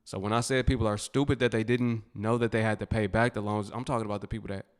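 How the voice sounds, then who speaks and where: A man's voice: fairly low pitch, level tone, fast talker. A man reacting to clips as a commentator, blunt and mocking.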